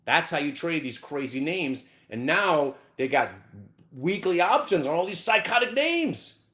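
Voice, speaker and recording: A man hosting a live market show, ranting brashly about his trades with sudden shouted outbursts. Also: a little high, a little slow. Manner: excitable, loud bursts of shouting, brash. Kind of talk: live trading rant.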